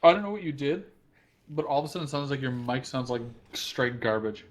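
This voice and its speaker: A man's voice: medium pitch, lively intonation, a little fast. A man co-hosting a casual gaming podcast over a voice call. He tells stories with lots of swearing and acts out both sides of the conversation. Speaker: podcast co-host.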